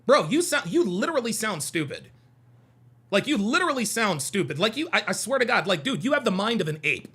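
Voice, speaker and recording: A man's voice: sits high, very animated, a little fast, fairly bright tone, slightly rough. A young adult man hosting a call-in livestream, arguing with chat in a combative, mocking way and repeating his points. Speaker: host of a call-in show. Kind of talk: heated livestream commentary, answering chat.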